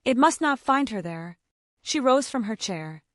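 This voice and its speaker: A woman reads a classic novel as an audiobook, with expressive storytelling and a lively, moving pitch. The sound is dry and close, with no room echo. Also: a little slow. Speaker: audiobook narrator. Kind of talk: scripted narration.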